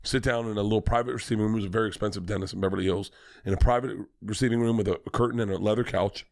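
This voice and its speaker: Man, comedian, casual podcast storytelling, profane, animated, somewhat low pitch. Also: racing.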